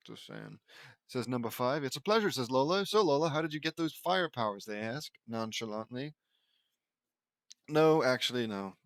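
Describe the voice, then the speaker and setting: A man's voice: medium pitch, vocal fry, dry recording. A man reading aloud in a dry, close voice. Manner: stumbling, rambling asides with restarts. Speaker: audiobook reader. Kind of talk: reading fan fiction aloud with commentary.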